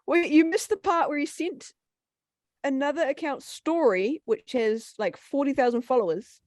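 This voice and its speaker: An Australian woman cracking self-mocking jokes in a loose podcast chat over a video call. Her voice is fairly high for a woman. The sound is dry and close. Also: normal speed, darkish tone, dry recording. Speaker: podcast co-host. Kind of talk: casual chat.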